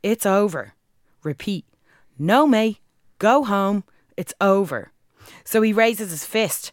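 A woman with a Dublin accent performs a rhythmic spoken-word poem with forceful, crude language. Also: mid-range voice, animated, slow, pauses often, dry recording, clean studio sound. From Ireland. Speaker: guest, spoken word artist.

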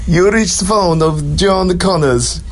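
Hammy eastern european film character, high and slow, voicemail recording. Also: male voice, exaggerated voice. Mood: deadpan. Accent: put-on Eastern European. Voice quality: high, exaggerated, slow deadpan delivery. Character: male film character impression answering a voicemail. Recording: phone voicemail played on radio.

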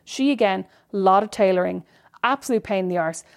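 A woman, co-hosting a podcast in animated, gossipy casual chat. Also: mid-range voice, fairly quick, creaky. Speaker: podcast co-host.

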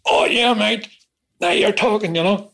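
A man putting on the voice of a cheeky, excitable male rogue from Liverpool, boastful and eager. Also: sits high, a little slow, gravelly, pitched above the performer's own voice, heavily acted.

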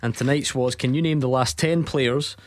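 A man's voice: medium pitch, fairly even intonation, moderate pace, no echo, clean studio sound. A man hosting a football phone-in show on radio, talking casually and hedging as he goes. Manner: chatty, hedging, self-correcting. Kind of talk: casual sports chat.

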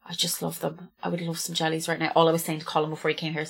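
A woman, co-hosting a casual chat, telling animated stories and swearing freely. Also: low-pitched, racing, creaky, slightly rough. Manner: animated, swearing, laughing storyteller.

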